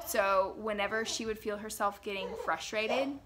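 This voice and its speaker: A young woman, a mother, recalling family memories at home in a gentle, earnest and reflective way. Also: mid-range voice, steady tone, moderate pace, background noise. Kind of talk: personal reminiscence to camera.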